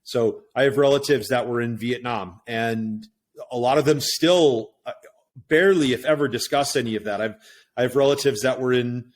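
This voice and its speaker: A man's voice: mid-range voice, moderate pace. A middle-aged man talking as a podcast guest in a casual, reflective way, often checking in with "right?". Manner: reflective, tags points with "right?". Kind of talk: casual conversation.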